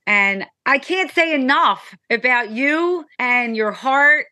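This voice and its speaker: A middle-aged woman speaks as an interview guest, pouring out her feelings quickly and warmly, her voice jumping up in pitch as she tells her story. Her voice sits on the high side and sounds close and dry. She sounds like she is talking over a remote call. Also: animated, no echo. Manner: effusive, fast and heartfelt, with quick rises in pitch. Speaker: guest, mother of a child with alopecia. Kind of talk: emotional interview talk.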